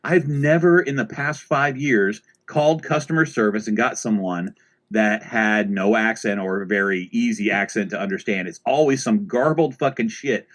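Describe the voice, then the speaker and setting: A man's voice: fairly low pitch, normal speed, a bit bright. A man hosting a casual podcast chat, telling exasperated, profane stories. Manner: ranting, profane, exasperated storytelling. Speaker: podcast host.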